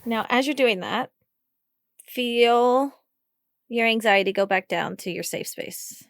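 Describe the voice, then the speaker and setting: A woman's voice: on the high side, slow, no room sound, studio quality. A woman hosting a live coaching call, chatty and encouraging, laughing often as she guides the talk. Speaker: podcast host and communication coach.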